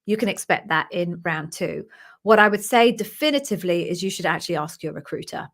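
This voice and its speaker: Brisk, practical woman giving interview advice. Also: on the low side, animated. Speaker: interview coach. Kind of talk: live Q&A coaching session.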